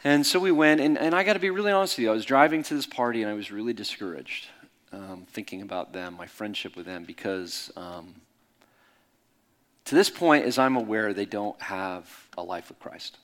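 A middle-aged man preaching in a candid, conversational way, swinging between loud bursts and soft hushed asides. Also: on the low side, normal speed. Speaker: pastor. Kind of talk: sermon storytelling.

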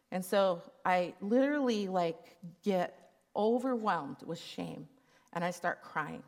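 A woman's voice: on the low side, a little slow, creaky. A middle-aged woman gives a candid, emotional personal testimony at a church conference. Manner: candid and emotional, laughing while telling the story. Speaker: conference speaker.

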